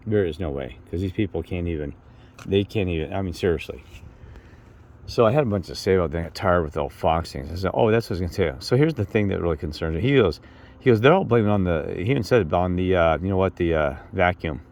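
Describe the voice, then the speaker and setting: A man's voice: low-pitched, lively intonation, fast, darkish tone. A man talking in a rambling, emotional monologue, often repeating himself and raising his voice to quote people. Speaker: vlogger.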